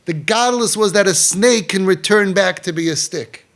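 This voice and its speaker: A man giving an emphatic Torah talk, swinging between loud, dramatic lines and hushed ones. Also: high voice, moderate pace. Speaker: Jewish inspirational speaker.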